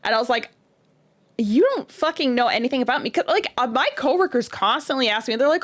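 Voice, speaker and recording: A young woman with a slightly high voice talks casually. She vents in a blunt, exasperated way and swears freely. Her delivery is plain and conversational. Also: fast. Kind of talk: casual chat.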